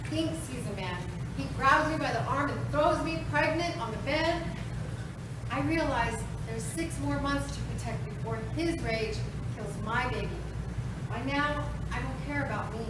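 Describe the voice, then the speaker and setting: A woman performing spoken word poetry, moving between slow measured lines and rhythmic, chanted, shouted passages. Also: high voice, very noisy. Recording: echoey hall from far off with loud ambience.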